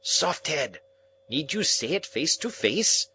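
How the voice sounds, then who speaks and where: A man's voice: big pitch swings, slow, bright, forceful tone, slight background noise, exaggerated voice. A man doing a sly, muttering office clerk. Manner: low, muttered asides. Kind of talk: audiobook character reading.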